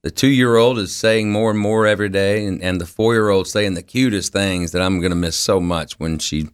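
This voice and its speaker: Laid-back low-voiced country singer. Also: male voice, moderate pace, clear, resonant tone. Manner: laid-back storytelling, laughs often, many fillers. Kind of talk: radio interview.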